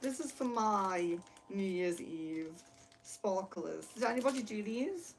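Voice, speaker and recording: A woman hosting a spiritual livestream from her room, giggly and excitable, laughing often, speaking to a camera set far across the room. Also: medium pitch, slow, slight background noise. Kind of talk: casual livestream chat. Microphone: camera mic from across the room.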